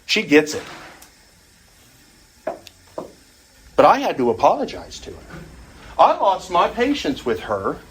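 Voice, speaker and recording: A man's voice: sits high, wildly swooping pitch, takes it slowly, long pauses, husky. A middle-aged man teaching an adult Sunday school class in a conversational way, often putting questions to the group.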